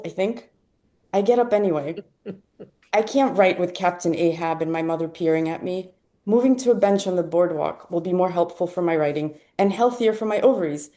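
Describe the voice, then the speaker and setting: A woman reading a personal essay aloud at a live event, wry and lively when she voices the people she quotes. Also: on the low side. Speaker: essay reader.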